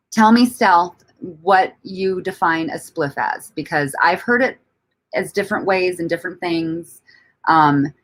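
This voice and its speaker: A woman with a voice on the low side hosts a casual livestream chat from home. She greets and answers viewers while laughing often, swearing freely, and rambling with restarts.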